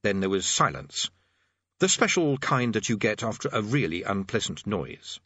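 Man reading an audiobook, bright and husky. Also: on the low side, very animated, normal speed, no echo, highs cut off. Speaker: narrator. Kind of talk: audiobook narration.

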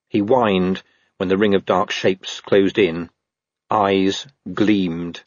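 A man narrating a comic fantasy novel in a wry, lively storytelling manner. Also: fairly low pitch, breathy edge, no echo, dull audio. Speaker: audiobook narrator.

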